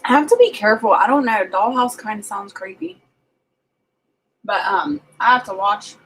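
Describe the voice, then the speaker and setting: A woman's voice: medium pitch, moderate pace, a bit bright, slight background noise, rough recording. Chatty Southern woman hosting a live chat. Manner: chatty, rambling, reads out viewer comments. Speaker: livestream host chatting with viewers. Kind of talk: casual live chat reading comments.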